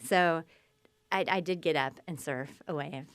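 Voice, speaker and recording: A woman guest telling her story in conversation, lively and acting out quoted speech. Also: sits low, a little slow. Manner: animated, acts out quoted speech.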